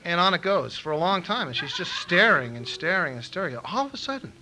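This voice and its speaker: A middle-aged man from Los Angeles speaking at a recovery meeting, telling an animated story and acting out the quotes. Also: high-pitched, fairly quick, noisy background. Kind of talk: storytelling talk. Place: meeting room in a school.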